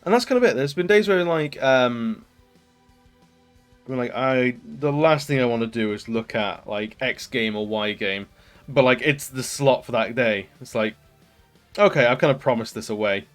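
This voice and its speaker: A man's voice: medium pitch, moderate pace, soft background music. A British man live streaming, chatting casually with viewers and rambling with lots of ums and likes.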